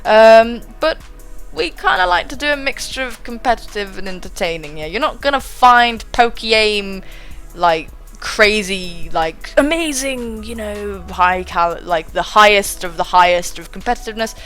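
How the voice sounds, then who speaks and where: A young woman doing excitable live game commentary, thinking aloud and swearing casually. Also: medium pitch, unhurried, faint music behind. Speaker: gaming channel host.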